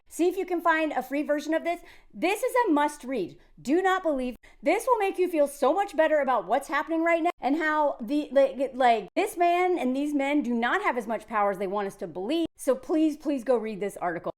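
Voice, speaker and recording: A woman in her forties from the South, giving chatty, emphatic commentary that wanders between points. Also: high-pitched. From Southern United States. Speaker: video creator. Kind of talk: casual talking-head commentary.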